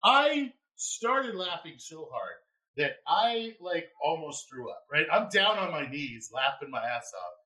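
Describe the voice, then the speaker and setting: Podcast host, male, bright lively voice, laughing storyteller, casual chat. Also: fairly high pitch, unhurried, low-quality recording. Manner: animated, laughing, yells quoted lines. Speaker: former EMT.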